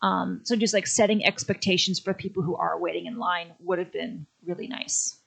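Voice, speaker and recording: A young adult woman telling a friendly, excitable story about meeting a favorite star in casual chat. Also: fairly low pitch, normal speed, gravelly. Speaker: podcast guest.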